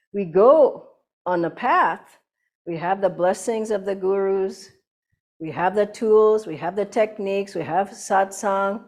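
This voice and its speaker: An older woman giving an inspirational satsang talk as a spiritual teacher, telling anecdotes in a lively way and laughing often. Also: on the low side.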